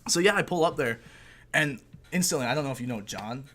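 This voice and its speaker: A young man co-hosting a podcast, telling a story in a casual, animated way, swearing and laughing as he goes. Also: mid-range voice, a little fast, background noise. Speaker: podcast co-host. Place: indoor recording room.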